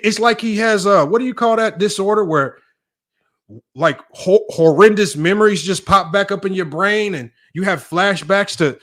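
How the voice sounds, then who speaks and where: A man's voice: sits high, a bit bright. A young man hosting a sports debate livestream, riffing casually and joking as he talks straight at his viewers. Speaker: sports show host.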